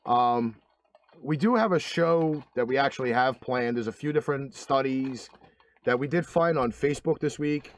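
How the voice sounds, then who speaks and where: A man's voice: mid-range voice, normal speed. A man hosting a casual podcast, talking in a loose, rambling way with lots of swearing and filler words. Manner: rambling, profane, many "uh"s. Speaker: podcast host. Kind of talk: casual chat.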